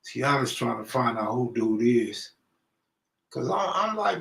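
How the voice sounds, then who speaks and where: A man from Los Angeles hosts a casual live stream by himself, chatting straight to his viewers in loose street slang. His voice sits at an ordinary pitch and rings a bit in an echoey room. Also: very animated, unhurried, vocal fry, fairly bright tone. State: out of breath. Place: room at home, alone.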